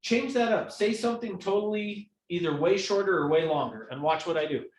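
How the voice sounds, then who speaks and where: A man's voice: sits high, fairly quick. A man teaching a live real estate training class who acts out examples as he explains them. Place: training room. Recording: echoey room.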